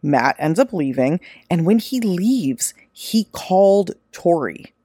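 A woman's voice: lowish voice, sing-song, takes it slowly, mellow, slightly rough, no echo, studio quality. A woman hosting a solo true-crime podcast, retelling a case in a casual, profane way and acting out the quoted lines. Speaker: podcast host.

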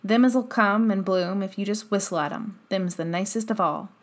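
A woman's voice: mid-range voice, natural voice. Woman doing an easygoing Yorkshire moor boy. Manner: easy, unhurried dialect speech.

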